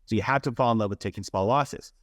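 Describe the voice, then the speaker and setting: A young man, a guest on a podcast, explaining trading in a casual, animated way and asking rhetorical questions. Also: lowish voice, fast, no echo, clean studio sound.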